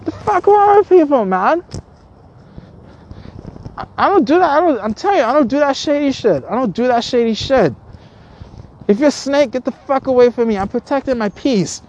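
A woman's voice: high voice, lively intonation, normal speed, long pauses, a little mellow, slight background noise. A woman vlogger delivering a heated, profane rant to her viewers, repeating herself, stumbling over restarts and swearing constantly. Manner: angry, repetitive, stammering restarts, swears constantly.

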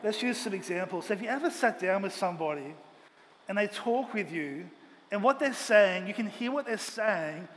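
A pastor preaching a Sunday sermon with earnest, emphatic delivery, speaking in a church auditorium. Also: male voice, sits high, expressive, moderate pace, fairly bright tone. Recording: long hall reverb, faint ambient noise.

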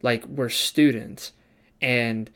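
Smooth-voiced young man telling a story. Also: medium pitch, extremely slow. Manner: animated, swears casually, acts out quoted people. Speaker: barber student. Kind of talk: casual storytelling vlog.

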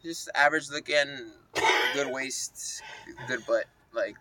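A man's voice: medium pitch, takes it slowly, pushed and bright, slight background noise. A man co-hosting a podcast, insisting on his point by repeating himself in casual banter. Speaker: podcast co-host.

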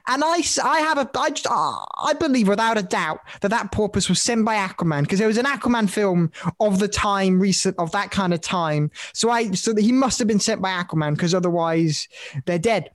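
A man's voice: high voice, expressive, brisk, dry recording, clean studio sound. A young man co-hosting a podcast, chatting casually and animatedly, laughing and swearing now and then. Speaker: podcast co-host. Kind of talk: casual chat.

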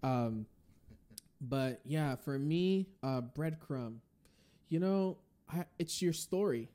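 Male podcast host from the Northeast, mellow tone, upbeat, faith-filled chat. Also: fairly high pitch, animated, slow pace. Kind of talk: casual podcast interview.

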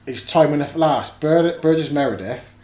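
A man's voice: a little high, moderate pace, darkish tone, reverberant. A man co-hosting a casual podcast chat, animatedly retelling plots at length. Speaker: podcast co-host.

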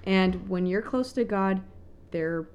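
A woman's voice: medium pitch, slow, a little mellow, clean tone, lo-fi sound. A young woman co-hosting a faith podcast, talking in an earnest, encouraging way. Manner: earnest, encouraging, preachy at times. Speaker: podcast co-host. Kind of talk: casual faith podcast chat.

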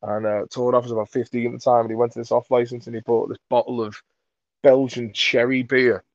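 A man from Merseyside, a comedy creator, telling rambling sweary anecdotes in a relaxed interview. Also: mid-range voice, fairly quick, dry recording, lo-fi sound. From Merseyside, England. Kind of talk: casual storytelling in an interview.

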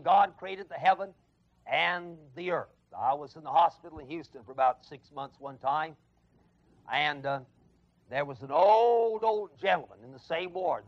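Man, Bible teacher, evening class lecture, high gravelly voice, emphatic repetition, dull 1970s tape. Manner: emphatic, repeats key phrases with stress; chuckles at his own stories. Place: evening adult education class at a college.

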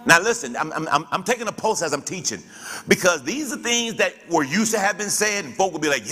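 A man's voice: high voice, lively intonation, brisk, sharp tone, slightly rough, in a large hall. A man teaching as a pastor in church, preaching with rhetorical questions and call-and-response.

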